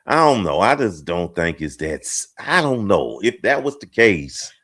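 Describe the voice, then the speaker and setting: A man's voice: deep voice, big pitch swings, unhurried, fairly bright tone. A middle-aged man hosting a casual group discussion, hesitant and self-mocking, joking his way through the topic. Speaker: talk show host.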